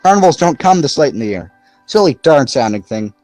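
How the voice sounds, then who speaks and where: A man's voice: medium pitch, sing-song, fairly quick, darkish tone, no room sound, faint music behind, natural voice. A man reading aloud, voicing a cautious, thoughtful thirteen-year-old boy who sounds worried and pleading. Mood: doubtful.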